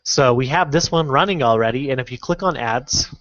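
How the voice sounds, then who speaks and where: A man walks through a tutorial in an easy, halting way, stopping often to restart. His voice sits at a middle pitch. The sound is dry and dull, like a cheap desk mic recording. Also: a bit bright, no room sound. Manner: casual, halting, many fillers and restarts. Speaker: online marketing instructor. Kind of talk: screen-recorded tutorial walkthrough.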